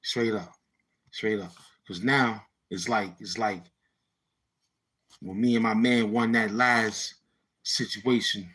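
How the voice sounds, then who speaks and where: A man's voice: lowish voice, fairly even intonation, takes it slowly, long pauses, bright, forceful tone, slightly rough. A man from Brooklyn with a New York accent casually telling a street story in slang, acting out what his friends said. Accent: New York City. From Brownsville, Brooklyn, New York. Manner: laid-back street slang, acts out quoted friends.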